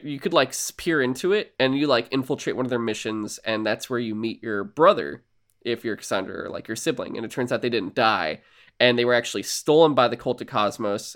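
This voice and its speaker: A man co-hosting a casual podcast, recapping a video game and acting out character lines in quick put-on voices. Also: medium pitch, a bit bright. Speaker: podcast co-host. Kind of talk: casual chat.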